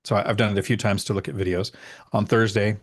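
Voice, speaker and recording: A middle-aged man with a lowish voice hosts a relaxed live Q&A. He reads viewer questions aloud, then answers plainly and leans on repeated words for emphasis. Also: quick pace. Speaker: host. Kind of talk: casual live Q&A chat.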